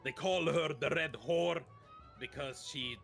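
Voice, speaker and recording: A man voicing a grumpy, proud dwarf in a tavern, gruff and blustering. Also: fairly high pitch, a bit bright, soft background music. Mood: storytelling. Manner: gruff, quick to bluster and slam the table.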